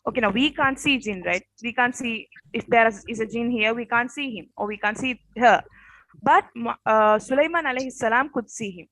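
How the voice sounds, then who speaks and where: A woman teacher with a rough morning voice tells a story to her class in a casual way, often saying "okay" and stopping to ask the class questions. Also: a little high, moderate pace, a bit bright, no echo, rough recording. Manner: peppers speech with "okay" and quiz questions.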